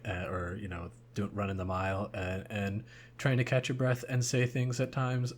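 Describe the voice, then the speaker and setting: Young guy podcast cohost, kinda low voice, lots of ums, rambly. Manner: rambling, hesitant, many ums and likes. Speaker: podcast co-host. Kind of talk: casual chat.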